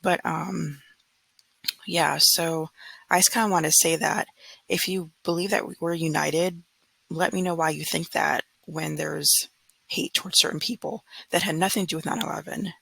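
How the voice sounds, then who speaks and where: A woman's voice: sits low, steady tone, moderate pace, vocal fry, fairly bright tone, breathy edge, no echo, low-quality recording. A woman in her thirties from California, talking earnestly and frankly in a casual vlog monologue, often mimicking others in mocking quotes. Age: 30s. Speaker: vlogger.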